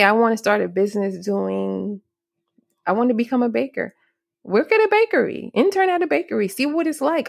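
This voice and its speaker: A woman's voice: a little high, creaky, no room sound, clean studio sound. A woman hosting her own solo podcast, talking casually and earnestly, giving advice with lots of fillers and restarts. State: near tears. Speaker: podcast host.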